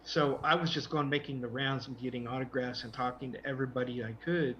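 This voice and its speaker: A man's voice: mid-range voice, steady tone, fast talker, sharp tone, slight background noise, rough recording. A man hosting a podcast, rambling through stories in casual chat and searching for names. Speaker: podcast host.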